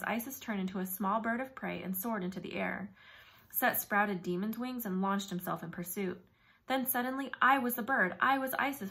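A woman's voice: mid-range voice, fairly bright tone. Woman narrating a first-person story. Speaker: audiobook narrator.

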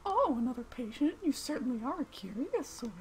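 Fussy, doting game barkeep, raised pitch, affected; a woman doing the voice. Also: big pitch swings, a little fast, a little mellow. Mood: prim. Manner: prim, affected reading of game dialogue.

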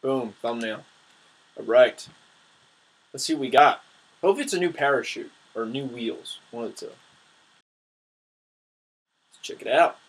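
A young man giving casual, excitable commentary on his own gameplay, trash-talking his opponents. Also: medium pitch, moderate pace, long pauses, breathy edge, poor audio.

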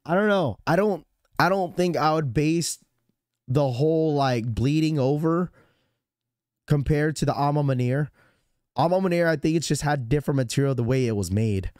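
A man with a hoarse, sore-throat voice hosting a sneaker livestream, talking to his chat in a casual, rambling way full of restarts. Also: on the high side, normal speed, a little mellow, no echo, studio quality. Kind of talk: casual live-stream chat.

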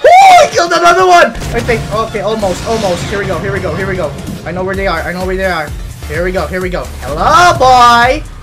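A young man commentating his own gameplay in an excitable, panicky, jokey way, shrieking and laughing. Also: high voice, fairly quick, over music. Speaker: gamer and video host.

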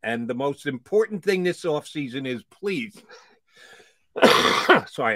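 Male sports radio co-host, bright and punchy, wry and jokey, dry close mic. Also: a little high, takes it slowly, long pauses, no echo. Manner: wry, animated, jokey asides. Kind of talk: casual sports talk.

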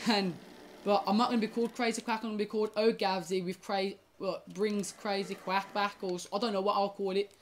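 A young woman chats casually to her audience while she plays. She stumbles and restarts sentences and curses at the game. Her voice sits at a middle pitch, with faint background noise. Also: level tone, a little fast. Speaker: gaming YouTuber. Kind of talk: casual gaming commentary.

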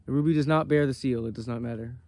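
A man voicing God as a divine male figure, reading his lines in a measured, solemn way. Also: medium pitch, warm tone, dry recording, close to an everyday voice.

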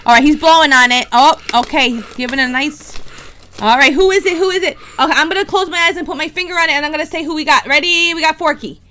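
A woman hosting a toy unboxing video, chatty and excitable, talking straight to her viewers. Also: high-pitched, fast, slight background noise. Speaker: toy unboxing channel host. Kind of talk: casual unboxing chat.

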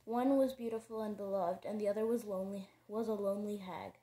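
A woman's voice: mid-range voice, fairly even intonation, fast talker, dark tone, close to an everyday voice. Woman voicing a grim storybook pen, proclaiming. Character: magical narrating pen, grim and dramatic. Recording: roomy echo.

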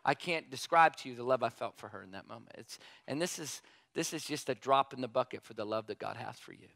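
A man preaching a sermon in a casual, animated way, telling a story and repeating emphatic refrains. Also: mid-range voice, fast talker, vocal fry, no echo.

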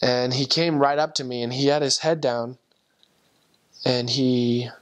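A young man and returned missionary, telling a personal testimony story in an earnest, emotional way, with halting restarts. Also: medium pitch, steady tone.

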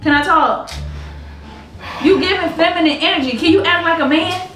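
A woman's voice: very high-pitched, moderate pace, distant mic, slight background noise. A young woman in casual banter with her boyfriend, exasperated and teasing, laughing often. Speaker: girlfriend in prank vlog. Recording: roomy room, off-mic, loud music behind.

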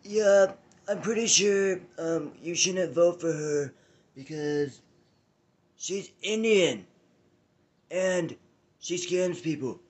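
A man's voice: high-pitched, slow, pauses often, voice pushed up. A man impersonating a boastful older male ex-president who brags and mixes up names. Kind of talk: comedic impression sketch.

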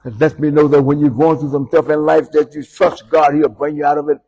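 Husky-voiced preacher in a reverberant church. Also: male voice, on the high side, flat delivery, a little fast, dull audio. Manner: folksy storytelling preaching, swinging from hushed to shouted. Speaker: pastor. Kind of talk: sermon. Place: church sanctuary. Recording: long church hall reverb.

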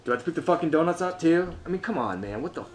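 Swearing nonstop in frustration, a man commentates his own gameplay as a streamer, talking to himself and swinging from mutters to yells with a lively pitch. He talks very fast, and the audio carries a little hiss or hum.

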